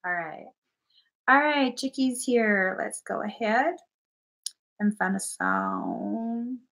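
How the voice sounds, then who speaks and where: A woman's voice: medium pitch, sing-song, slow pace, fairly bright tone. A woman on a casual livestream, giving blunt, frank readings and swearing freely as she talks.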